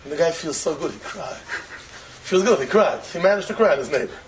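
A man with a fairly high voice gives an informal Torah talk, mixing in Yiddish and Hebrew terms. He is animated and builds up to emphatic peaks. There is a faint noise under the recording. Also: brisk, rough recording. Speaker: religious speaker.

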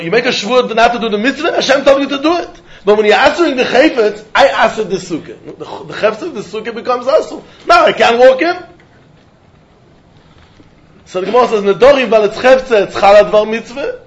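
A man with a high-pitched voice leads a Talmud study lecture, reasoning aloud in an animated sing-song that slides between English and Yiddish and Hebrew terms. The recording is dull and lo-fi. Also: fast talker. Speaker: Talmud teacher.

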